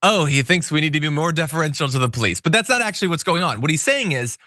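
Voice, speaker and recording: Male commentary host, wry and opinionated, lively pitch, dry studio sound. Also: fast, dry recording. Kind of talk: casual news commentary.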